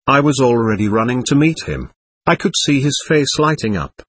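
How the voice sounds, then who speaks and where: A man reading a first-person war memoir as an audiobook, in a steady, even narration. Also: medium pitch, moderate pace, slightly rough, no room sound.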